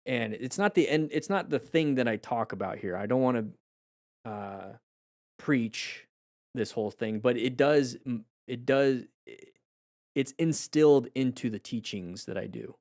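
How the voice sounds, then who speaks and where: Hoarse man musing on a live stream. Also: medium pitch, expressive, measured pace, darkish tone, no room sound, clean studio sound. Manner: reflective and rambling, with many restarts and fillers. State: voice going hoarse. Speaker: motorcycle riding coach streaming live. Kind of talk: casual live-stream chat with viewers.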